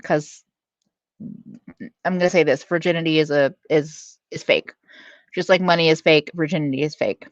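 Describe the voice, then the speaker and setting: A woman's voice: deep voice, normal speed, pauses often, dry recording, highs cut off. A woman hosting a casual livestream, reading out chat, laughing often and swearing freely. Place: at home.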